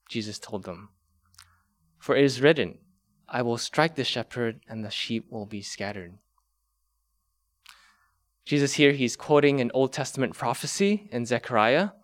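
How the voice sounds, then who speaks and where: A man preaching a sermon, slow and emphatic, repeating key words for weight. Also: mid-range voice. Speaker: pastor.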